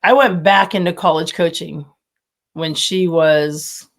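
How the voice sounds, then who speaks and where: A woman in her fifties, a former college softball coach, telling stories with animation and frequent laughter as a podcast guest. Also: lowish voice, slow. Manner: animated storytelling, laughs often. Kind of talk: casual podcast interview.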